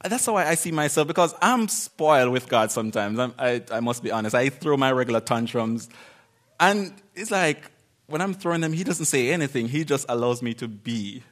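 Animated man preaching casually. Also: mid-range voice, fairly quick. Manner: conversational, animated, acts out quotes, laughs often. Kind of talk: informal sermon.

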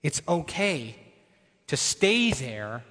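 A man's voice: a little high, sing-song, drawn-out words, bright, forceful tone, big-room sound. A male pastor preaching a sermon in a conversational way, repeating key phrases for emphasis and asking the audience questions.

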